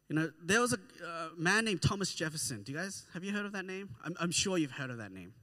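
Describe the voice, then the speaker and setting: Animated man preaching with a lively voice. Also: on the high side. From Australia. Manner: animated, keeps asking "right?". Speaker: pastor. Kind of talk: sermon.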